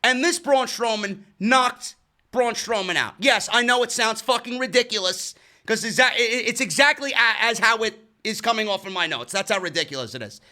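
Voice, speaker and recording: Male reviewer, high-pitched and bright, profane and exasperated recap. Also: lively intonation, moderate pace. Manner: profane, exasperated, stumbles over words. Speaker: wrestling show reviewer. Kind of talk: casual recap and rant.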